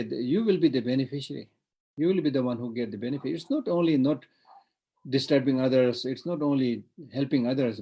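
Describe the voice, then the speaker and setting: A man's voice: mid-range voice, warm tone, husky, poor audio. A man with a Tibetan accent giving an online Buddhist teaching, talking in a discursive way with repeated words and frequent "you know".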